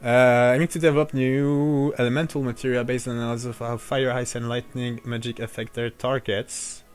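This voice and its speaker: A man streaming a video game, chatting casually and joking with his viewers in an excitable, bantering way. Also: mid-range voice, fairly quick, smooth, faint music behind. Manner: excitable, jokey banter with chat.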